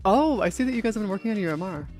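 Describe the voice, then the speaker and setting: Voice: medium pitch, animated, racing, darkish tone, soft background music. A live streamer chatting casually with friends and viewers while playing, rambling through lots of fillers and casual swearing. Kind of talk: casual gaming stream chat.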